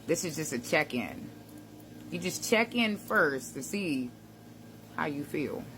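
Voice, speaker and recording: A woman with a fairly low-pitched voice talking through a casual motivational video. She speaks in a conversational, reflective way, with relaxed slang and easy laughter. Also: takes it slowly, slight background noise. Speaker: self-help vlogger.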